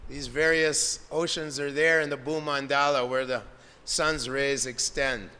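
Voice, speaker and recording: A man's voice: medium pitch, steady tone, unhurried, sharp tone, clean tone. A man giving a devotional lecture, narrating scripture stories with quoted dialogue and Sanskrit terms, in a temple hall. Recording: long hall reverb.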